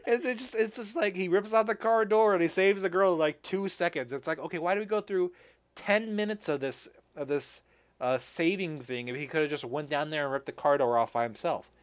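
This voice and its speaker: A man's voice: a little high, a little fast. A man hosting a podcast, casually recapping a movie with lots of restarts and offhand swearing. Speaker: podcast host. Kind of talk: casual chat.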